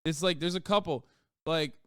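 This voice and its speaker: Smooth-voiced male streamer, cursing and rambling. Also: moderate pace, dry recording, clean studio sound. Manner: profane, rambling, with sudden loud jumps in pitch. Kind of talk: casual live-stream chat.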